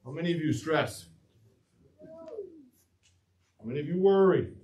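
A man's voice: fairly high pitch, huge pitch swings, slow pace, darkish tone, far from the mic, dull audio. A male pastor preaching a sermon in a church. He asks the congregation questions and waits for their answers. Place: church sanctuary.

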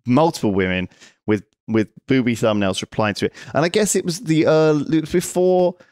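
A middle-aged man co-hosting a podcast, talking haltingly with many restarts. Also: mid-range voice, darkish tone, no room sound, clean studio sound. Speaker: podcast co-host. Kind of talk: casual chat.

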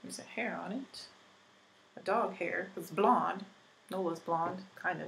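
A woman's voice: mid-range voice, measured pace, creaky, pushed and bright, a little hiss or hum, low-quality recording. A woman in her twenties chatting casually through a makeup tutorial, rambling with lots of fillers, recovering from being sick. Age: 20s. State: recovering from illness. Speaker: beauty vlogger.

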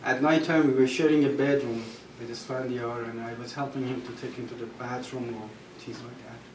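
A man's voice: mid-range voice, little pitch movement, a little hiss or hum. Persian-accented man telling stories, echoey room. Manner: halting, with restarts and soft laughs. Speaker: storyteller at a gathering. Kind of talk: personal storytelling. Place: gathering room. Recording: echoey room, mic far off.

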